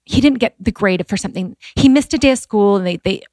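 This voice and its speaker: A woman's voice: mid-range voice, quick pace, a little mellow, no echo. Heartfelt woman in her forties, dry sound. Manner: heartfelt, filler-heavy with many "like"s, voice rising when emotional. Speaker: podcast guest. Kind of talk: candid conversational storytelling.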